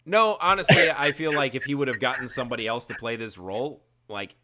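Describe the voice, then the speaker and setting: A man's voice: medium pitch, fast talker, background noise. A man co-hosting a casual movie review podcast, opinionated and wry. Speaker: podcast co-host.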